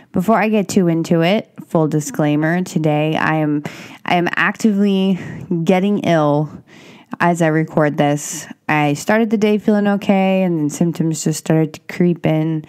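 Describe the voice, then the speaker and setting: A woman hosting a solo podcast, rambling and self-reflective, breathy and congested with a scratchy throat from a cold. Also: low-pitched, a little mellow. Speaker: podcast host.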